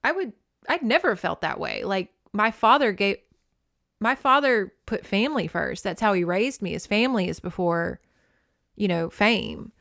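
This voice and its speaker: A woman's voice: mid-range voice, lively intonation, normal speed, gravelly, fairly bright tone, no echo, clean studio sound. Candid, opinionated young woman host. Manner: candid, opinionated, swears freely. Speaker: podcast host. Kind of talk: casual book recap.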